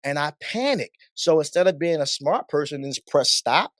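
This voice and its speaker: Animated middle-aged male DJ storyteller. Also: a little high, moderate pace, no echo, studio quality. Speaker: DJ guest. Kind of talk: casual storytelling interview.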